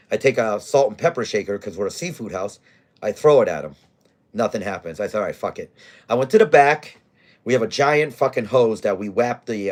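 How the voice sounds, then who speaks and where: A man who manages a bar, telling a rowdy story in blunt, profane casual talk. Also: fairly low pitch. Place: bar in Scranton, Pennsylvania.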